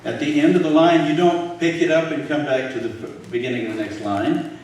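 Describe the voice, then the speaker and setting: A man's voice: on the high side, fairly even intonation, fairly quick, a little mellow, a little hiss or hum. An older man giving an informal Bible teaching to a live group, talking conversationally and putting questions to his listeners. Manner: conversational, quizzes the audience with questions. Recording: very echoey room, voice from far off.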